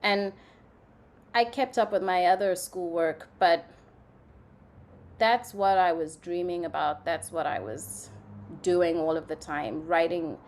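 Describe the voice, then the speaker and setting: A young adult woman from Zimbabwe, a guest in an interview, telling her story in a chatty, animated way full of "like" fillers. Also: on the low side, takes it slowly, long pauses. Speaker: guest, playwright and actress. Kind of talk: casual conversational interview.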